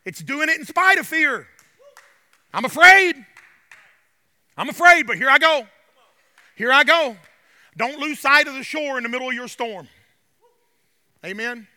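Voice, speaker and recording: A man preaching a sermon in a church. He urges the congregation to answer back, then drops to quiet, confiding talk. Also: very high voice, expressive, normal speed, pauses often. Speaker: pastor.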